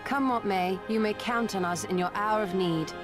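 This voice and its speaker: A woman's voice: medium pitch, normal speed, lightly acted. An actress playing a loyal young woman ally in a video game, speaking formally and reassuringly. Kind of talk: game voice acting. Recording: game music behind.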